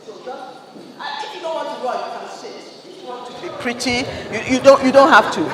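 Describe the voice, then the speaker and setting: The voice is extremely high and sharp-toned, with a little hiss or hum. He's a Nigerian English-accented speaker at a conference, giving a passionate motivational address in a big event hall and peppering listeners with questions, while the audio carries long reverb and faint ambience.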